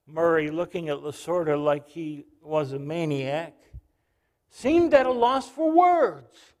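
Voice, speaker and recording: A man's voice: fairly high pitch, lively intonation, takes it slowly, a little mellow. A male pastor preaching a sermon, telling a story and calling out to the congregation.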